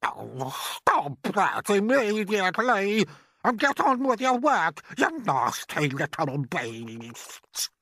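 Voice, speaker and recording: A man voicing a vain, shrill old aunt in a storybook reading, preening and sing-song. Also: big pitch swings, very slow, a bit bright, no room sound, exaggerated voice. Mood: bossy. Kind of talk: storybook character voice.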